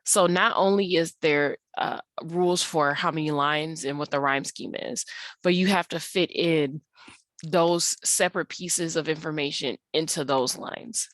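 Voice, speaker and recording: A woman with a low voice teaches an online lesson, patiently talking through her slides. She fills her pauses with ums and uhs. The sound is dry and close. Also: fairly bright tone, no echo. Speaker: English teacher. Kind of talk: online tutorial walkthrough of slides.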